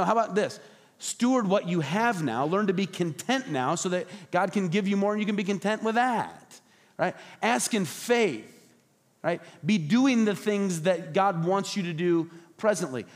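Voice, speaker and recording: A man's voice: high voice, in a large hall. A man, a pastor, preaching a sermon and telling stories, acting out the voices in the quotes. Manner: storytelling, acts out voices in quotes.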